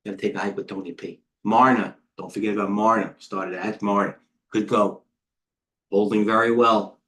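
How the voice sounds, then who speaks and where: A middle-aged man coaching traders, talking in a quick, scattered way and thinking out loud with lots of asides. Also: fairly low pitch, steady tone. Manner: rapid, scattered thinking aloud with many asides. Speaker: trading coach and host. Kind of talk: live market commentary.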